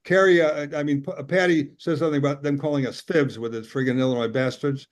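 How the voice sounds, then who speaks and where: A man in his sixties from Chicago delivers a rambling stand-up set over a video call. His jokes come out deadpan in a slightly raised voice, and he slips into character voices now and then. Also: on the high side, quick pace. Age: 60s. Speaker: stand-up comedian.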